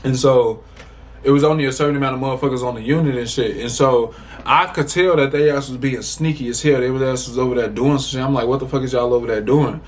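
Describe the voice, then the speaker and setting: A man's voice: medium pitch, fast talker. Young man telling a rambling, profane story. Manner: animated, profane, rambling with restarts. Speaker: storytime vlogger. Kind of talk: casual storytime.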